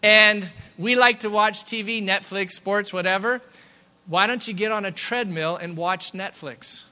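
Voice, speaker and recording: A middle-aged man preaching a sermon in a church, lively and conversational, with quick asides to the congregation. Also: sits high. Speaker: pastor. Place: church sanctuary.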